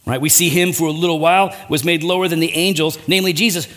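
Man preaching with wide pitch swings. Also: steady tone, fast. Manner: earnest preaching with rhetorical asides and wide swings in pitch and loudness. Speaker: pastor. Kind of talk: sermon.

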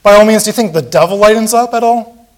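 Male preacher, high voice, impassioned, repetitive, acts out mocking crowds, church sermon. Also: fast.

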